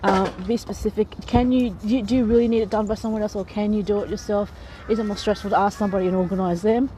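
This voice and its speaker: A woman's voice: mid-range voice, fairly even intonation, quick pace. Woman vlogger, frank and chatty, straight-talking advice, light laughs, faint noise behind. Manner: chatty, frank, often laughs mid-sentence. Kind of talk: casual advice talk to camera.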